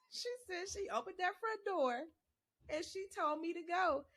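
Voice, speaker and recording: A young woman from Texas, co-hosting a podcast and telling family stories in a casual, animated way, laughing often. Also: very high-pitched, a little slow. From Texas, USA. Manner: animated, laughing, slips into voices for quotes. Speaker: podcast co-host. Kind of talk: casual storytelling chat.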